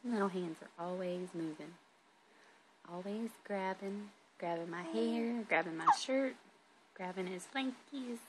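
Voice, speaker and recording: Slow cooing mom talking to her baby. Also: mid-range voice, noisy background. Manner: cooing, sing-song baby talk. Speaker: mother. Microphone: phone.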